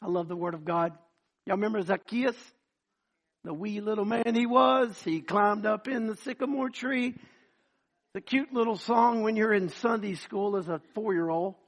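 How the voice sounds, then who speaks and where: A man's voice: high-pitched, a little slow, gravelly, long pauses. A man preaching a sermon, telling stories dramatically and acting out the voices.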